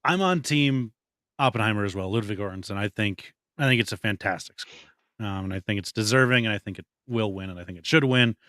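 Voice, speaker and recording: A man's voice: lowish voice, a little fast, a bit bright, no room sound, clean studio sound. A man hosting a casual movie podcast, reading out nominees and leading the talk. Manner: leads the segment, reads out nominees. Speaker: podcast host. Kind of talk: casual chat.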